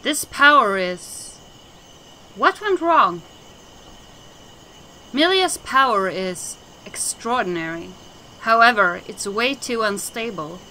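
A weary elder shaman delivering grave warnings in formal, measured speech, as a woman gives him voice. The tone stays bright and fairly high, and every line is spoken slowly. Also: animated, slight background noise, full character voice, rough recording. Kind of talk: game dialogue voicing.

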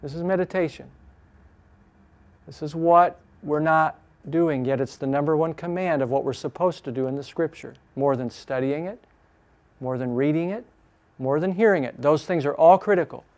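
Guy teaching a bible class, kinda high voice, says verses slow phrase by phrase then talks fast. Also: darkish tone. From Chicago.

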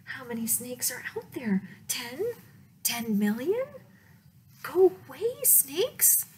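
A fretful square from a picture book frets in a high, fluttering voice, his cries jumping upward, as a woman reading aloud puts him on. He sounds easily rattled and fussy. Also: very animated, slow, darkish tone, slight background noise, full character voice. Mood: flustered. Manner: high, flustered exclamations.

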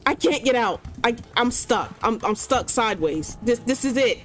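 A woman gamer doing let's-play commentary at a desk mic, excitable, yelling commands at the game and bantering in casual slang. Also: fairly high pitch, moderate pace.

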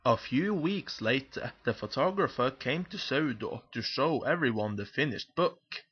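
A man narrating a children's picture book aloud in a lively, expressive storytelling manner. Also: mid-range voice, unhurried, slightly rough, dull audio.

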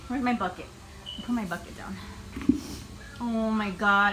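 Jittery high-voiced woman vlogging at home. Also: animated, moderate pace, long pauses, pushed and bright, slight background noise. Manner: panicky, exclaiming, nervous laughing. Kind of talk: casual vlog to camera. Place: her home, indoors. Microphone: phone camera. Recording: echoey room.

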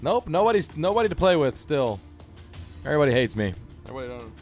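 A man's voice: fairly high pitch, big pitch swings, quick pace, soft background music. A young man doing casual gameplay commentary, joking around and laughing. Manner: joking, laughing, trying silly accents. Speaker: gaming YouTuber.

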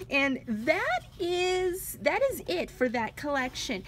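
Gushing high-voiced woman with a Spanish accent. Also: big pitch swings, slow, fairly bright tone, slight background noise. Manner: gushing, laughs often at herself. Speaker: paper craft vlogger. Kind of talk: casual product flip-through. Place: home craft room. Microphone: phone on a selfie stick.

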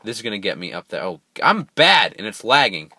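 A man's voice: fairly low pitch, sing-song, brisk, pushed and bright, slightly rough, no echo, clean studio sound. A young man giving casual let's play commentary, chatting to viewers and bursting out in frustration when the game goes wrong. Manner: chatty, talks to viewers, erupts in frustrated outbursts. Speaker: gameplay commentator.

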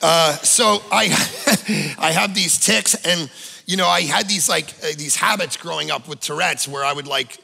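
A male pastor preaching a conversational sermon, emphatic, with sudden loud bursts and casual asides. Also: fairly high pitch, unhurried, creaky, breathy edge, big-room sound. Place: church auditorium.

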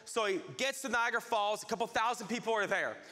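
Animated male pastor in an echoey church hall. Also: sits high, quick pace. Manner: animated storytelling, acting out crowd voices. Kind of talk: sermon.

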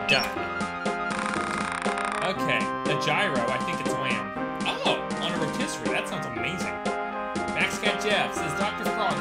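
A man streaming a video game, chatting casually and joking as he plays and eats. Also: a little high. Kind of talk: casual gameplay commentary. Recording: loud game music behind.

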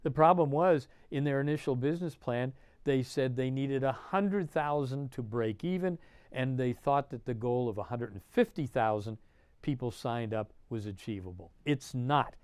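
A man's voice: medium pitch, normal speed, a little mellow, smooth, no room sound. An older man, a state senator giving an emphatic, indignant political monologue. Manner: emphatic, indignant, punchy phrasing.

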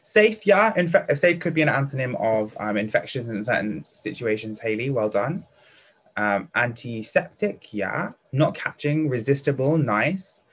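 A young man with a British accent leads a live online lesson for primary school children. He is upbeat and encouraging, reading out pupils' answers by name. His speech is casual and chatty, full of fillers, in a voice of ordinary pitch. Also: expressive, measured pace, breathy edge. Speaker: teacher hosting an online lesson.

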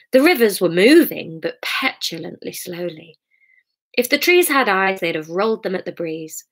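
A woman's voice: mid-range voice, fairly bright tone. A woman author reading her own novel live, breaking off for giggly, chatty asides to her listeners.

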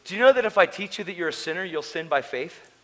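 A man preaching at a conference with passion and emotion, his voice swinging between loud declarations and hushed, tender moments. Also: sits high, expressive, fast, poor audio. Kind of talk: conference sermon. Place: conference hall.

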